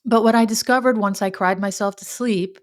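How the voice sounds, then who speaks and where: A woman talks through her own experience on her podcast in a candid, reflective monologue. She thinks aloud, restarting phrases and sometimes speaking to herself in the second person, at an average pitch for a woman. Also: fairly even intonation, brisk. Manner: candid, searching, with frequent restarts and self-talk. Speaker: podcast host.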